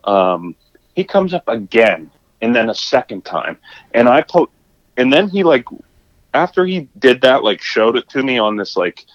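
A man's voice: a little slow, dry recording, highs cut off. A man, a fishing guide, telling a story in casual chat, his voice jumping up when he quotes himself. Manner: animated, rising pitch when quoting himself.

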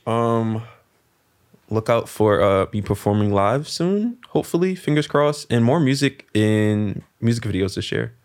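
This is a man who is a musician guest on a podcast. He chats in an easygoing, giggly way, in a somewhat low voice. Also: lively intonation, a little slow, a little mellow. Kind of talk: casual chat.

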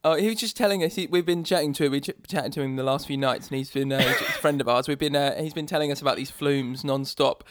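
A man's voice: a little high, fast, hardly any pauses, no room sound, studio quality. A man co-hosting a casual podcast, rambling and giggly, with lots of fillers and restarts. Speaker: podcast co-host.

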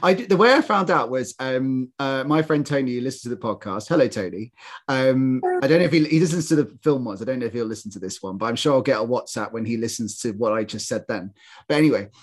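British man co-hosting a chat podcast, halting and chatty, mid-pitched. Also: lively intonation. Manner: chatty, halting, laughs at his own jokes. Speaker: podcast co-host. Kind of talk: casual chat.

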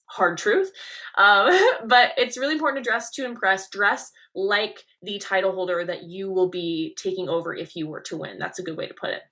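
Bright, energetic woman coaching podcast host. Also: mid-range voice, normal speed. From Nebraska. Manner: energetic, leaning-in delivery with emphatic stresses.

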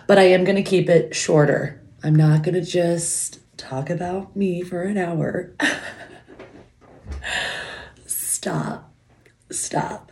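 A woman's voice: sits low, dark tone. A woman in her thirties hosting a podcast from home, chatting casually in a rambling, giggly way into a microphone while wearing headphones. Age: 30s. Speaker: podcast host. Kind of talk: casual chat.

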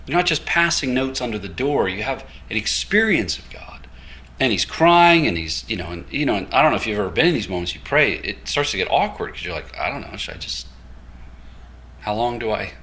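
A man preaching from the pulpit, his voice swinging widely in pitch as he tells a story. The tone is bright and forward, with quick acted-out dialogue and easy chuckles. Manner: animated storytelling with quoted dialogue and light laughter. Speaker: guest preacher. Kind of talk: storytelling sermon.

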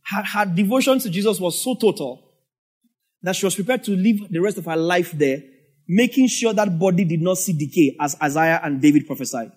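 Husky-voiced male preacher. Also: a little fast, a little mellow. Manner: emphatic, repeats phrases with swinging pitch. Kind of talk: sermon.

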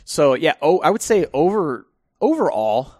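A firefighter guest telling stories in a relaxed podcast conversation, laughing often and restarting his sentences. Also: fairly high pitch, normal speed, no echo, studio quality.

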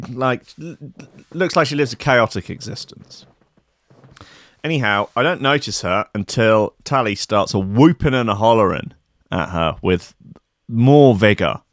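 Wry rambling man, low dry voice. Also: gravelly, a bit bright, dry recording. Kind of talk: comic storytelling monologue.

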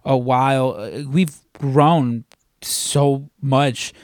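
A man's voice: medium pitch, steady tone, very slow, no room sound. Rambling podcast co-host man, dry mic. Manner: rambling, many fillers and restarts. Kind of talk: casual chat.

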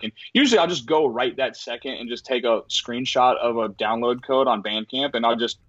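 On a muffled recording, a man with a medium-pitched voice speaks fairly quickly with hardly any pauses. He's a record label owner guesting on a podcast, chatting casually and telling animated stories full of swearing and fillers.

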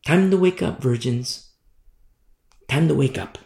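A man's voice: mid-range voice, unhurried, gravelly, darkish tone. A male pastor preaching a fervent sermon, driving points home with repetition. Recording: roomy echo.

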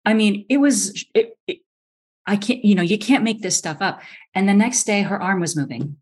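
A middle-aged woman physician, a podcast guest, telling a story with lively energy and acting out the voices she quotes, often restarting her sentences. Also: mid-range voice, moderate pace, husky. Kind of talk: animated storytelling in a podcast interview.

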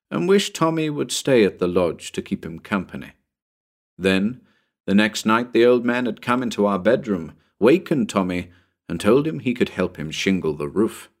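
A man narrating a pulp story in a dramatic, expressive audiobook reading. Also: low voice. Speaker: narrator and channel host.

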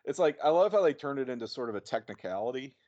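A man's voice: medium pitch, expressive, fast, darkish tone. A man co-hosting a podcast, chatting casually about a movie, rambling with playful asides. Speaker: podcast co-host. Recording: dull lo-fi audio.

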